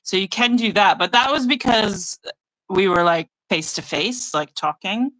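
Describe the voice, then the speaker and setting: A woman hosting a casual live craft session over a video call, chatty and relaxed, laughing often. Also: mid-range voice, measured pace, no room sound, rough recording. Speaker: craft channel host. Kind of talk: casual live-stream chat while journaling. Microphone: phone or tablet mic over a video call.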